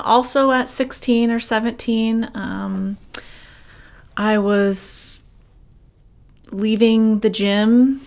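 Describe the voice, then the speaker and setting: A middle-aged woman co-hosting a podcast, telling a story in a wry, self-deprecating way. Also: medium pitch. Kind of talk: casual storytelling.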